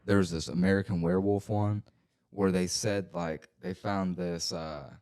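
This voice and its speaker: A man's voice: sits low, steady tone, normal speed, darkish tone, clean tone. A young man co-hosting a podcast, telling stories in laid-back, slangy casual chat. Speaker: podcast co-host.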